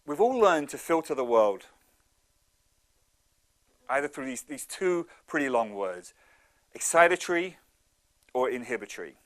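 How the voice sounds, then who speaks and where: A man in his thirties giving a motivational talk, telling stories in an animated, conversational way. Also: medium pitch, unhurried, pauses often. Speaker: speaker.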